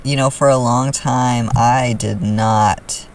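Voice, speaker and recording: A man talking casually to camera about his feelings and self-help, soft and earnest in a confiding way. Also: mid-range voice, fairly even intonation, takes it slowly, recorded from a distance, slight background noise, low-quality recording. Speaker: vlogger.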